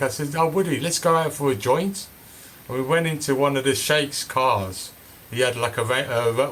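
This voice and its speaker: A man's voice: medium pitch, a bit bright, slight background noise. A man telling a casual, rambling story full of fillers and restarts. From Birmingham, England. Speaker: cannabis seed breeder telling a story.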